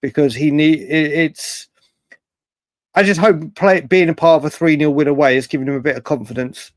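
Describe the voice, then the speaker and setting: Casual male livestream host, slightly higher voice, rambling delivery, reads out and answers chat comments. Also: moderate pace, no room sound. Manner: rambling, with frequent restarts and fillers. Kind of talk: casual live chat reading viewer comments.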